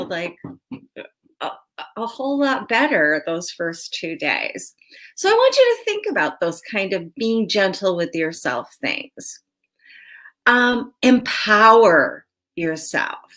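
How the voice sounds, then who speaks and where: A woman leads a relaxed tarot reading, talking slowly and easily at a mid-range pitch. Her talk is full of "you know" and small laughs at herself as she explains the cards. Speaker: tarot reader and host. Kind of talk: casual spoken tarot reading.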